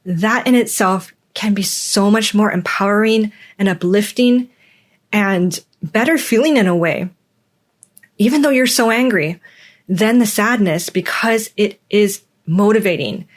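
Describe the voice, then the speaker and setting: An earnest woman talks through her own experiences in a reflective podcast monologue. She leans hard on key words and repeats them for emphasis. Her voice sits at an ordinary mid pitch for a woman. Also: measured pace. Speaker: podcast host.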